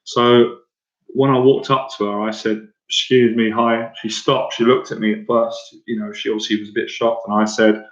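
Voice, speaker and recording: A rambling, excitable Irish man in his thirties talks to his livestream viewers as their confidence coach, full of fillers and restarts. His voice sits fairly low. The sound is dull and lo-fi, in an echoey room. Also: moderate pace. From Ireland. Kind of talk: casual livestream talk to viewers.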